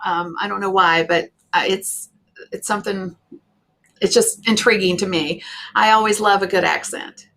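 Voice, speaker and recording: A woman's voice: mid-range voice, fairly even intonation, normal speed, vocal fry, fairly bright tone. A woman from the United States hosting a live online show, chatty, with many fillers and restarts. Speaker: host. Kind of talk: live-stream chat.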